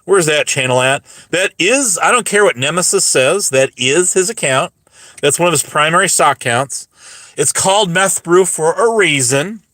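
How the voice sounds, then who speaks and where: A man's voice: a little high, animated, normal speed, sharp tone, no room sound. A man in his forties hosting a livestream, ranting sarcastically to his chat, rambling with restarts while his voice runs dry. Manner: sarcastic, mocking, talks straight to chat; rambling with frequent restarts and stumbles. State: voice getting dry. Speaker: livestream host. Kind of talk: casual livestream rant to chat.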